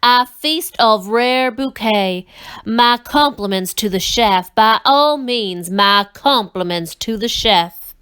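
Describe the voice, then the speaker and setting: A woman voicing a pompous, overfed male humbug bug who speaks slowly and grandly, short of breath. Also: fairly high pitch, animated, fairly bright tone, clear, resonant tone. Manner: grandiose, slow, stuffed and breathless.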